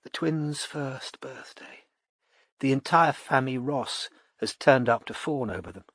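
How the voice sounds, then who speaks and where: A man doing tipsy, breathy Charlotte. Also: mid-range voice, animated, a little slow, a bit bright, no echo, clean studio sound. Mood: tipsy dreamy. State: slightly drunk. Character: tipsy aristocratic young mother, wistful, manipulative.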